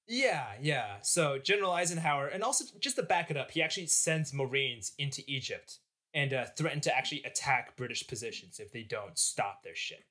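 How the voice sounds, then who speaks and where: Animated joking male storyteller. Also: mid-range voice, fairly quick. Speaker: podcast host telling the history. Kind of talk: comic history storytelling.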